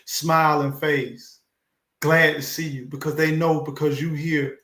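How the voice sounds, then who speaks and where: Man hosting a stream, preachy and repetitive, slightly high voice, roomy echo. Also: little pitch movement, measured pace, bright, forceful tone. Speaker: live stream host. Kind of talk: casual motivational talk.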